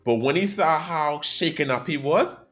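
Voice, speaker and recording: A man hosting a casual anime podcast, telling stories in an animated way that swings between loud and quiet. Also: a little high, normal speed, faint music behind. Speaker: podcast host.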